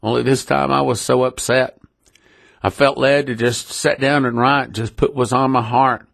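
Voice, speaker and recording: Earnest gravelly man giving testimony. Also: medium pitch, fairly even intonation, moderate pace, a bit bright, dry recording, studio quality. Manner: earnest, emotional, repeats himself often. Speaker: ministry leader. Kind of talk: personal testimony to listeners.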